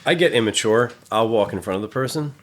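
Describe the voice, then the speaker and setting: A man's voice: mid-range voice, expressive, fast talker, a bit bright. A man working as a gym trainer, talking in a casual podcast chat. He is blunt, swears freely and acts out the people in his stories. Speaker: personal trainer and gym staff.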